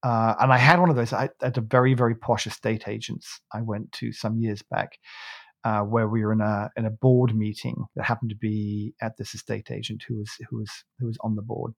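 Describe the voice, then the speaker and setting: A man's voice: lowish voice, flat delivery, fairly quick, vocal fry, dry recording, studio quality. A man hosting a coffee podcast, telling a long anecdote in a loose, rambling way with frequent restarts. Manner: rambling, many restarts, laughs while telling. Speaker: podcast host. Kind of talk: casual chat, storytelling.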